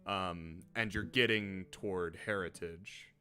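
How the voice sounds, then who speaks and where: A young man narrating a tabletop game as game master, relaxed and rambling, laughing often. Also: sits low, slow pace. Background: background guitar music.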